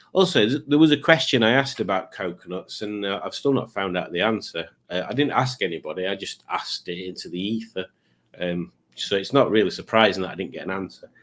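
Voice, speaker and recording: A man hosting a live stream, chatting casually as he reads out viewer comments, rambling along with wry asides and plenty of fillers. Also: fairly low pitch.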